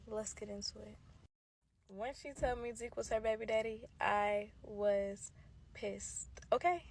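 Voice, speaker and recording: A young woman vlogger casually telling a dramatic personal story to her viewers, emphatic and lively. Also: on the high side. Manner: animated, emphatic, addresses viewers as y'all.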